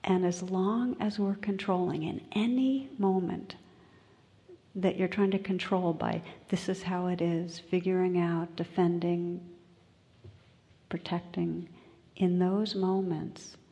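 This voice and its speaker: A woman meditation teacher gives a dharma talk in a low, mellow voice with a gravelly edge. She speaks slowly with a flat, even pitch and often sinks into a soft whisper. Her voice carries a long reverb from a large meditation hall. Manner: gentle and unhurried, often dropping to a whisper.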